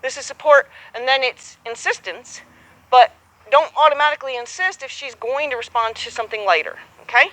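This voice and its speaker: A woman's voice: high voice, a little fast, a bit bright, rough recording. A woman coaching a horsemanship student outdoors, patient and encouraging, acting out both horse and rider as she explains. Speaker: horsemanship instructor. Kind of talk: hands-on coaching.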